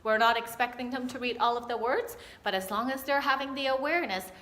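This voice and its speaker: A woman teacher speaking slowly and clearly to parents, with a sing-song storytime delivery, in what sounds like a classroom. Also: a little high, fairly bright tone. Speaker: kindergarten teacher. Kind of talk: recorded update for parents. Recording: echoey room, faint hiss.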